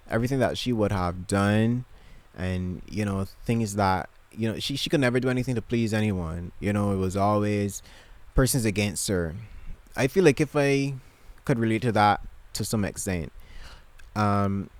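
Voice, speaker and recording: Man, vlog chat from a bedroom, lowish voice, dry close sound, rambling, lots of ums, gushing. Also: smooth, dry recording. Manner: rambling, many fillers and restarts; gushing and emotional. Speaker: vlogger. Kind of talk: casual chat to camera.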